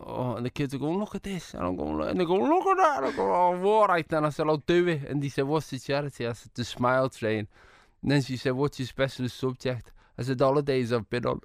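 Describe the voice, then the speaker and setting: A man, a comedian telling jokey, animated stories as an interview guest. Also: mid-range voice, no echo, studio quality. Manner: jokey, animated anecdotes with acted-out quotes. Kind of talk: casual storytelling interview.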